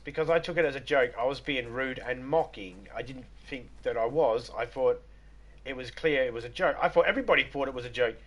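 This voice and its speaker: An Australian man talks casually to his live-stream chat. His voice sits at an ordinary middle pitch, and he wanders from point to point, joking and breaking into laughter. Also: fairly bright tone. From Western Australia. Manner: rambling, joking, laughs often.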